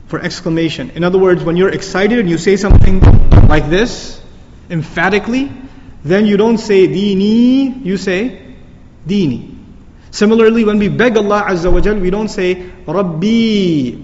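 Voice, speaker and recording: A man teaching a Quran lecture, explaining Arabic words and reciting verses, recorded lo-fi in a reverberant hall. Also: sits high.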